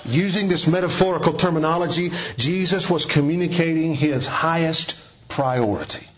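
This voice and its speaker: A man preaching an expository sermon in a measured, earnest teaching manner, often dropping soft for emphasis. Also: on the high side, lo-fi sound.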